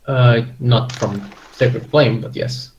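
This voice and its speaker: A man's voice: mid-range voice, slow, a little mellow, highs cut off, slight background noise. A man acting as game master of a tabletop game, patiently explaining rules with frequent hesitations.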